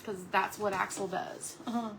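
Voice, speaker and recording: A woman's voice: medium pitch, fairly even intonation, normal speed, vocal fry, noisy background. A woman chatting casually on a live craft stream from home, cooing at her dog between talk about her painting.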